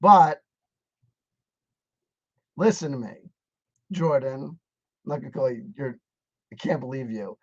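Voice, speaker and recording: A man's voice: mid-range voice, lively intonation, measured pace, long pauses, no echo. A man giving a sarcastic, profane, heated rant in reaction to a video. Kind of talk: ranting video commentary. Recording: dull, dry sound.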